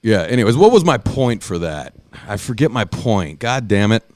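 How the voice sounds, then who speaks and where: A man's voice: normal speed, no echo. A man hosting a podcast, telling a wild story in casual, profane chat and acting out the people in it. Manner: profane, animated, acts out quotes in a loud high voice. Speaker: podcast host.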